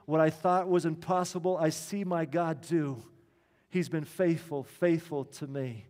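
A man, a pastor, tells a story in an earnest sermon, slowing down to stress key lines. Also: fairly high pitch, fairly even intonation, a little mellow, in a large hall.

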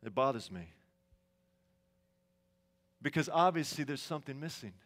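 A man's voice: medium pitch, expressive, normal speed, a bit bright. A middle-aged male pastor preaching a sermon in a church sanctuary, telling stories conversationally and asking the congregation questions.

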